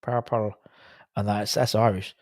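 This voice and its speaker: A man's voice: mid-range voice, moderate pace, a little mellow, dry recording, studio quality. A young man, hosting a casual livestream, reading the chat aloud and laughing at tongue twisters. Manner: chatty, laughing at tongue twisters, rambling with fillers.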